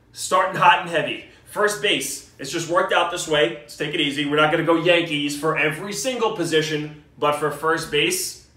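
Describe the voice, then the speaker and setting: A man's voice: fairly high pitch, sharp tone. A man, joking and cursing as he talks through his picks in a casual video response. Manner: joking, swearing, enthusiastic banter. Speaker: vlogger. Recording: roomy echo, mic at a distance.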